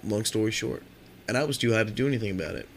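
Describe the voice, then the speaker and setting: A man's voice: on the low side, very fast, faint music behind. A young man telling casual stories on his podcast in a rambling, profane way, filling his talk with "like". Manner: rambling and profane, heavy use of "like". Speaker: podcast storyteller.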